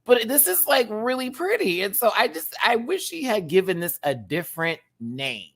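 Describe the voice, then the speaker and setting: A man in his thirties, a drag queen, giving a sassy, animated casual review and laughing often while answering viewers. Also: sits high, normal speed. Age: 30s. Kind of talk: casual chatty episode review.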